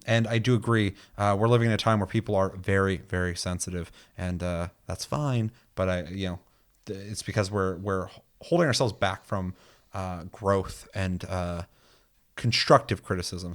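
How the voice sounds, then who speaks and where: A man with a somewhat low voice chats casually about video games as a podcast co-host. He rants in an animated way, swears freely and acts out quotes. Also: normal speed.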